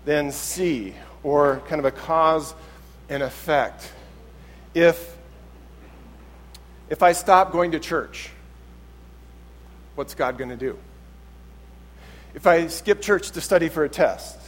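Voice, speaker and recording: A man preaching a sermon in church, talking conversationally and acting out little quotes as he goes. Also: fairly high pitch. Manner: conversational and animated, acts out quotes. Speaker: pastor.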